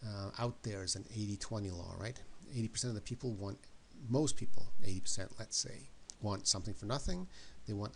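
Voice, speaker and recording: Gravelly low-voiced man giving a pep talk. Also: a little fast, few pauses, fairly bright tone, slight background noise. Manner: emphatic, repeats words and questions for effect. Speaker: motivational speaker. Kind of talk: motivational talk to camera.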